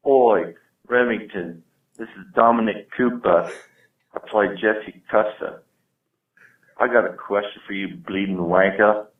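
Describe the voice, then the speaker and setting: A man's voice: fairly low pitch, measured pace, close to an everyday voice. A man putting on a patchy British accent as a crude, angry caller who swears and drags out his insults on a voicemail. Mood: insulting. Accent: put-on patchy British accent. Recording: tinny echoey phone voicemail, from far off.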